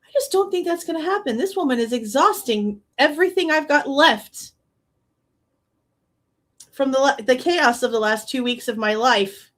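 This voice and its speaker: A woman's voice: high voice, expressive, moderate pace. A woman hosting a live true crime stream, reacting with exasperated, sarcastic commentary, often laughing and swearing.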